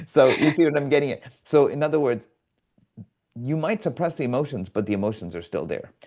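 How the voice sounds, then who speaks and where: A man talks through ideas as a podcast guest, earnest and full of analogies. His voice is mellow and warm. He slips into other people's voices when he quotes them. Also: medium pitch, lively intonation, moderate pace. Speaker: guest, biofeedback specialist. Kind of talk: explanatory podcast interview.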